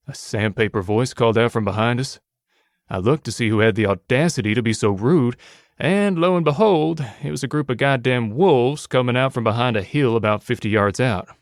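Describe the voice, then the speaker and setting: A man's voice: mid-range voice, dry recording. Male audiobook narrator, wry casual first-person delivery, dry close mic.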